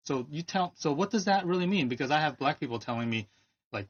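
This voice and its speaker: Male co-host, husky, lively delivery, jokey asides, lo-fi recording. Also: a little high, fast. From California. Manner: joking, playful asides. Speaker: podcast co-host. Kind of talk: casual chat. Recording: lo-fi podcast recording.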